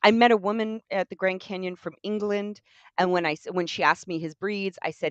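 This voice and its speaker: A woman's voice: mid-range voice, fairly even intonation, fast, no echo, dull audio. A woman hosting a live stream, telling a long casual story in a chatty, rambling way with many fillers.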